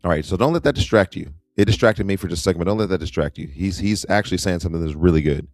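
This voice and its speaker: Deep-voiced middle-aged man hosting. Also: rapid-fire, a little mellow, faint music behind. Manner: chatty, wry asides, reacts to clips. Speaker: host. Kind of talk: casual livestream commentary.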